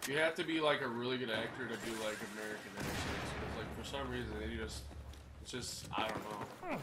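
A man's voice: medium pitch, fairly quick, very noisy. A man chatting casually while playing a game, rambling and hesitant, full of restarts, heard over a headset. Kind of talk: casual gaming chat. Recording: loud gunfire from the game behind.

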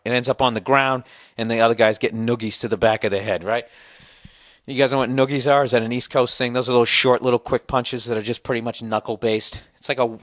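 An American podcast host in his 40s delivers a casual, profane rant, rambling through stories with incredulity. He has a sore throat that leaves his medium-pitched, slightly bright voice a bit hoarse. The studio-quality recording has no room sound.

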